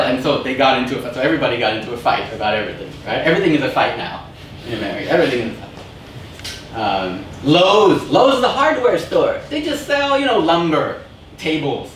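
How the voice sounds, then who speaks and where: A man's voice: mid-range voice, sing-song, fast, a bit bright. A man giving a conversational university lecture, often checking in with the audience and acting out quotes, recorded from a distance in an echoey room. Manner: conversational, frequent "right?" and quoted voices. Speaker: guest lecturer. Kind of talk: academic lecture. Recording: echoey room, distant mic, faint noise.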